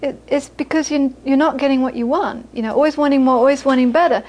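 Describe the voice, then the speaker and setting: This meditation teacher addresses a group quickly, her high-pitched voice carrying a darkish tone and fairly even intonation. Her teaching is casual and chatty, sprinkled with anecdotes and frequent laughter.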